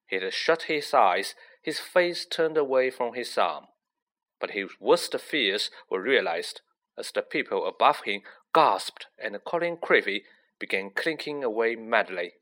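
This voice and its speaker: A man reading a children's fantasy novel aloud with slow, lively storybook narration. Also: medium pitch. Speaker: audiobook reader.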